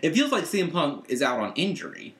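A man's voice: fairly high pitch, wildly swooping pitch, fairly quick, a bit bright. Male podcast co-host, casual rambler, roomy echo on the voice. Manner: rambling, trails off and restarts often. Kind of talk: casual chat. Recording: echoey room.

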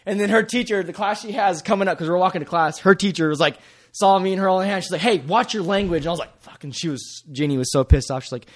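A man's voice: sits high, fast talker. A young man in casual chat, hot-headed and swearing a lot.

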